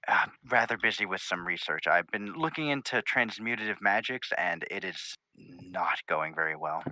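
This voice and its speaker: A man's voice: low voice, animated, moderate pace, pushed and bright, no echo, full character voice, low-quality recording. A man voicing a tired, scholarly female pony princess who is flustered and hesitant, full of ums.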